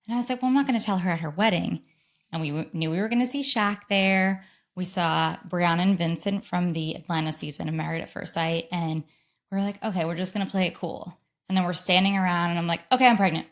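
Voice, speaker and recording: A woman in her thirties hosting a solo podcast, telling a personal story in a chatty, excited way and acting out the voices of the people she quotes. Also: on the low side, fairly quick. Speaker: podcast host.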